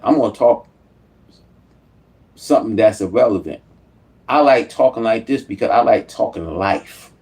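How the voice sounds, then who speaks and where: A YouTube commentator with a lowish, somewhat mellow voice delivers an angry political rant. He is profane and heated, and he repeats himself as he goes.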